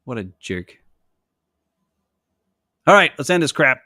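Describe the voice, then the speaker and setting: A man's voice: on the high side, big pitch swings, takes it slowly, pushed and bright. A man co-hosting a casual sports chat, griping and joking. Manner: griping, jokey. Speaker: podcast co-host.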